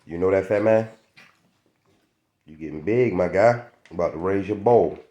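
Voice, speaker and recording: A man's voice: low voice, moderate pace, warm tone, highs cut off. A man just woken up, chatting casually in slang to his viewers while feeding his dogs. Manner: laid-back slangy chat, keeps asking "you understand me". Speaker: dog owner vlogger. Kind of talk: casual vlog talk to camera. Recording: roomy echoey sound.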